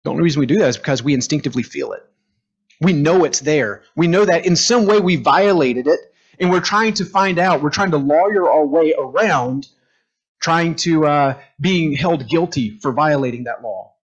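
Male teacher, fairly high husky voice, lively lecture style, dull lo-fi room recording. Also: normal speed. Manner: animated, asks the room questions, acts out quotes. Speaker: teacher leading a group class. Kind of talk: conversational classroom lecture.

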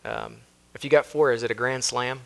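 A man's voice: mid-range voice, fairly even intonation, normal speed, vocal fry. An American man, a pastor preaching a sermon with emphasis, reading scripture aloud and acting out the people in the story. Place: church sanctuary.

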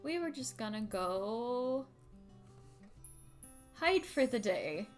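A woman doing a loud, breezy young boy. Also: fairly high pitch, lively intonation, faint music behind. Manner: quick, loud and upbeat. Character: boy, cheerful and evasive. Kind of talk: reading game dialogue aloud.

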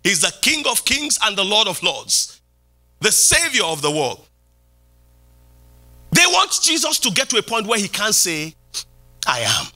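A middle-aged man, a pastor, preaching a sermon in a church. He repeats key phrases and swings from loud calls down to quiet lines. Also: wildly swooping pitch, unhurried, long pauses. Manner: preaching with sweeping pitch jumps and repeated phrases. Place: church hall.

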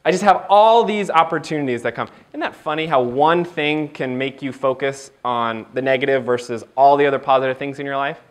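A man giving a motivational keynote in an event hall, telling a story in an animated, jokey way and acting out the dialogue. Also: medium pitch, a little fast, hardly any pauses. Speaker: keynote speaker. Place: event hall before a live audience.

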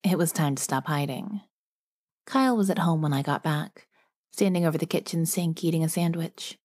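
A woman narrating a romance audiobook in the first person, steady and clear. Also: low voice, normal speed.

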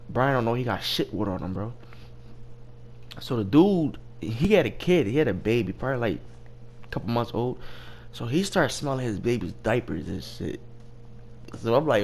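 A man's voice: mid-range voice, expressive, moderate pace, darkish tone. A young man spins a crude story from his old job in a loose, rambling way. He swears constantly, trips over restarts and keeps laughing at his own tale. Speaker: streamer telling a work story. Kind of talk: casual storytelling.

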